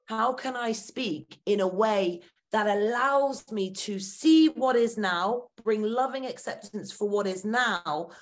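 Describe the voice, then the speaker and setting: A woman's voice: mid-range voice, takes it slowly, hardly any pauses. Earnest woman coaching confidence. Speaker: guest speaker and confidence trainer. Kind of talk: podcast interview.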